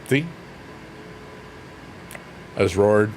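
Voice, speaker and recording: A man's voice: mid-range voice, lively intonation, moderate pace. Playful rambling man on a livestream. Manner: playful, silly, rambling, reads chat aloud. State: drained. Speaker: livestream host. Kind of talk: casual chat with live chat readers. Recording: faint piano music underneath.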